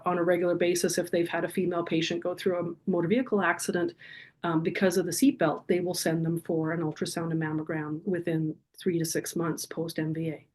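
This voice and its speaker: A middle-aged woman, a podcast guest telling a personal story in earnest, vivid detail. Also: on the low side.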